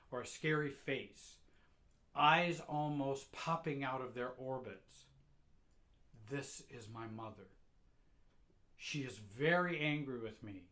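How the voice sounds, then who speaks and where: Slow, soft-spoken male storyteller. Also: mid-range voice. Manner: slow, quiet, reflective, with halting repeats. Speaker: narrator. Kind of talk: first-person storytelling.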